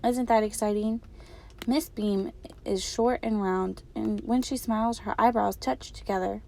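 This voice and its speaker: A woman teacher reading the first chapter of a children's novel aloud, in a calm, measured way. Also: mid-range voice, vocal fry, a little hiss or hum.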